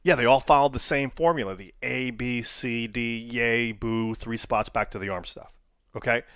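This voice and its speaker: A man's voice: medium pitch, moderate pace, fairly bright tone, no room sound. Coaching man quizzing his viewers, dry sound. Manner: coaching, asks the viewers questions. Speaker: wrestling coach. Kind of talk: online training lesson.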